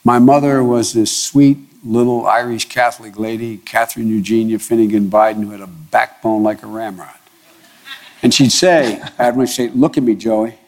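A man being interviewed as a politician, telling personal family stories in an earnest, emphatic way, often pausing and restarting his sentences. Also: on the low side, steady tone. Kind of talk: reflective personal storytelling.

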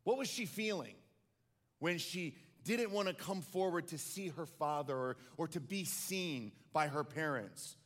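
A man's voice: on the high side, animated, unhurried, fairly bright tone, in a large hall. A male pastor delivering a sermon, telling a story and building to passionate questions for the congregation.

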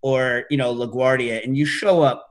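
A middle-aged man hosting a casual chat, telling stories with lively energy and jumping into loud, high-pitched imitations. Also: moderate pace. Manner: animated storyteller, leaps to high shouted imitations. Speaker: podcast host.

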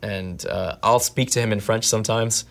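A man, an actor, answering interview questions in an animated, thoughtful way that often restarts mid-thought. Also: on the low side, moderate pace, creaky. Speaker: actor guest. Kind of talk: conversational interview.

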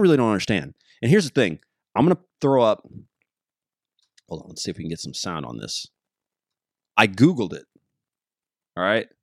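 A man with a very low voice hosts a casual solo podcast, joking and wandering off topic as he goes. His voice sounds close and dry, with no room echo. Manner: rambling, joking, loses his train of thought. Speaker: podcast host.

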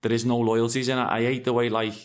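Fast, flat-voiced man talking frankly. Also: mid-range voice. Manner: rambling, frank, restarts often. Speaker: former pro footballer guest. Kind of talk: casual conversation.

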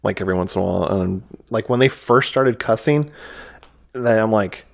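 Male podcast co-host, lowish voice, relaxed chatty recaps with quick voiced quotes. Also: gravelly. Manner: retells scenes with quick acted quotes. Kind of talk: casual movie review chat.

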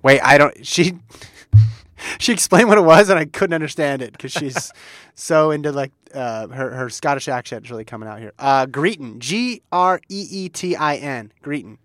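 A man's voice: on the high side, normal speed, a bit bright, dry recording, studio quality. Playful man quizzing his co-host. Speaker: podcast co-host. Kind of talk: casual chat.

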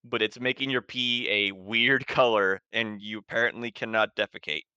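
A man acting as game master of a tabletop horror game, improvising with halting, repeated words. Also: lowish voice, steady tone, pushed and bright, smooth, no room sound, dull audio.

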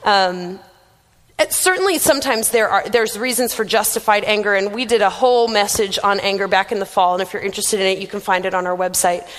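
A woman's voice: medium pitch, a little fast. A young woman giving a casual, conversational sermon as a youth minister, chatty and self-deprecating, with lots of "like". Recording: long reverb of a large room.

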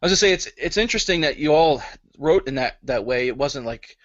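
A man's voice: on the high side, expressive, fast, no echo, lo-fi sound. A man co-hosting a podcast interview, asking questions as an eager fan with hesitant fillers. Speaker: podcast co-host. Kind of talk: casual interview chat.

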